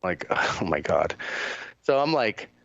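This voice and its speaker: Podcast host, male, low voice, casual profane storyteller; dry, slightly dull recording. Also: sing-song, takes it slowly, gravelly, a bit bright, no room sound. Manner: rambling, profane, lots of fillers and quoted dialogue.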